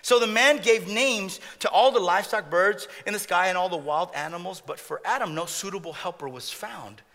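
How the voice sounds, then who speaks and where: A man's voice: high voice, moderate pace, sharp tone, in a large hall. A man preaching a sermon in a joking way, often repeating words and laughing at his own jokes. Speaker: pastor.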